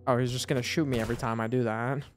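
A man's voice: mid-range voice, level tone, racing, soft background music. A man giving casual, profane gameplay commentary, rambling with filler words and mocking the characters in exasperation. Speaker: gamer playing through his backlog.

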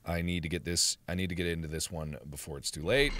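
A man in his twenties commentating as he plays a game, swearing in frustration and repeating phrases over and over, swinging from muttering under his breath to loud yelling. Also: low-pitched, a little fast, few pauses, noisy background. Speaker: gaming video host. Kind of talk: let's play commentary.

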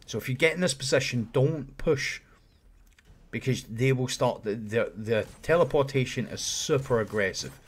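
A man's voice: mid-range voice, expressive, normal speed, husky. A man talking viewers through a game run in a casual, explanatory commentary voice-over. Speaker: video game guide creator.

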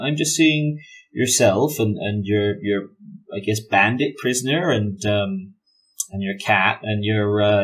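Guy doing a nice chatty traveller, lowish voice, rambles a bit and says um a lot. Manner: rambling and polite, with many fillers. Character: kind, reasonable, chatty male traveller. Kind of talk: tabletop role-play in character.

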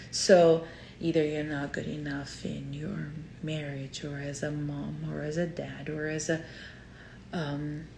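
Gravelly Brazilian-accented woman, earnest therapist. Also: low-pitched, a little mellow, reverberant, slight background noise. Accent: Brazilian Portuguese. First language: Portuguese. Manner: earnest, heartfelt, repeats phrases for emphasis. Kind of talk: teaching talk to camera.

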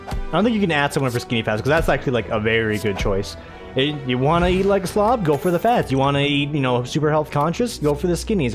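A young American man hosting a let's-play, chatting casually and rambling about his day while he plays, laughing often. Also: a little high. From United States. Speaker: gaming channel host.

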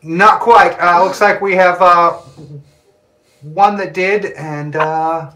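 A man narrates a live tabletop game as game master, his voice bright and somewhat high for a man. He talks casually, thinks aloud over the dice and laughs often. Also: steady tone, takes it slowly.

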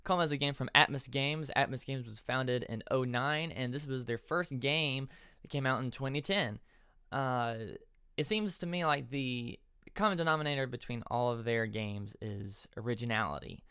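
A man's voice: mid-range voice, normal speed, sharp tone, clear, resonant tone, no echo, studio quality. A young man hosting a let's play, rambling eagerly with many stammered restarts. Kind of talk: casual gameplay commentary.

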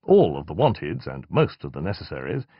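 A man narrating a fantasy novel in a measured, expressive reading. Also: rumbling low, husky, no room sound, dull audio. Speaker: audiobook narrator. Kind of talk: scripted narration.

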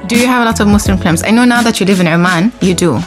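A woman's voice: medium pitch, rapid-fire, music in the background. A woman co-hosting a radio talk show, asking friendly questions in casual chat.

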